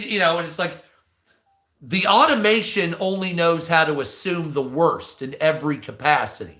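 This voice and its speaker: A man rants in a casual, profane way, with a high voice and a bright, forceful tone. He keeps slipping into quick impressions of the people he talks about. The sound is roomy and echoey. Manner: profane, animated, acts out quoted voices. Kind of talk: casual ranting commentary.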